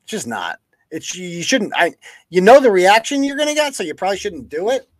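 A man's voice: high voice, sing-song, fairly quick, dry recording. A man hosting a live news-commentary podcast, ranting with heavy profanity and sarcasm. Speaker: podcast host.

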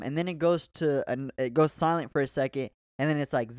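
A man's voice: medium pitch, brisk, hardly any pauses, a little mellow, clear, resonant tone, no echo, studio quality. A young man telling a loose, profane story in casual chat, saying "bro" all the time.

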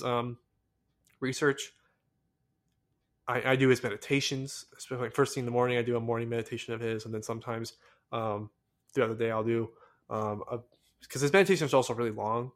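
Young American man, solo podcast host; excitable, rambling casual delivery full of fillers. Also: medium pitch.

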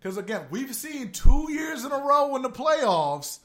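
A man's voice: very high-pitched, big pitch swings, a little slow, a bit bright. A man hosting a casual sports podcast, brash and emphatic, talking straight to his listeners. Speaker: podcast host.

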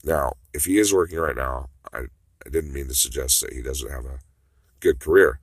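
Rambling profane monologue, man with a low husky voice, muttering then flaring up. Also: moderate pace, dry recording. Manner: rambling, profane, swings between mutters and outbursts.

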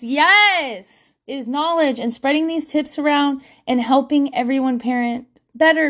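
A woman in her thirties, chatting casually to camera as a parenting vlogger, self-mocking and laughing often. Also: high-pitched.

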